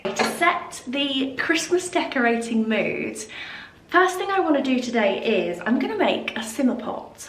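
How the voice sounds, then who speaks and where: A young woman chatting warmly in a cozy vlog, a bit nasal and short of breath from a cold. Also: on the high side. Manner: gushing and affectionate, many "like"s. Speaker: vlogger. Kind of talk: cozy casual vlog chat.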